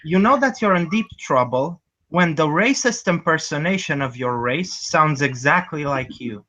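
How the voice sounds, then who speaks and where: A man talking as a guest in a casual online group chat, quick and stammering, with sarcastic quips. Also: a little high, lively intonation, pushed and bright. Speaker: guest panelist. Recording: muffled lo-fi video-call audio.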